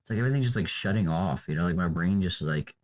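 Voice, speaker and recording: This young man has a deep, darkish voice and talks fast and animatedly, yet he sounds tired and drained in his off-the-cuff vlog. His rambling monologue wanders, heavy with fillers and trailing endings. The recording is rough.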